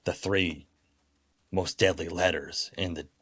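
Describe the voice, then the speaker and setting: Man, very low voice, dry close sound, casual podcast co-host, playful announcer-style build-ups. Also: fairly even intonation, takes it slowly, fairly bright tone, husky, dry recording. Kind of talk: casual wrestling prediction chat.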